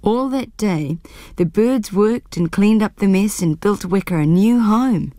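Brief: New woman storyteller, warm mellow tone, dry close sound. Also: mid-range voice, lively intonation, measured pace, dry recording. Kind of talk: storybook reading.

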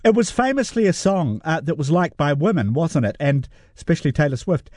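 A man's voice: on the high side, animated, fairly quick, a little mellow, no room sound, clean studio sound. A man from New Zealand interviewing a guest, asking long, polite questions. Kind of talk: broadcast interview.

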